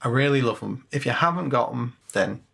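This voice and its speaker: Male music tutor, mid pitch with some fry, talks casually and thinks aloud at a desk mic. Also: brisk, a bit bright. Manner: chatty, self-mocking, thinks aloud with fillers. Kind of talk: casual screen-share tutorial.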